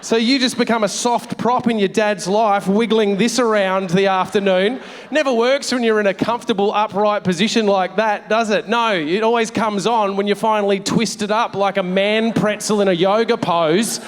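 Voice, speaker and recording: A man's voice: high-pitched, steady tone, normal speed. A middle-aged man performing a stand-up comedy set, brash and sweary in a conversational way. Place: large theatre stage. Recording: live venue with long reverb.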